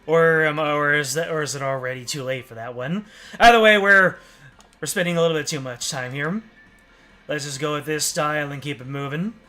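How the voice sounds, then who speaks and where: Faint music sits under a man's slightly high, pushed and bright voice as he talks fairly quickly. He's streaming a game, joking around in casual let's-play fashion and occasionally reading on-screen text in a fake newscaster delivery.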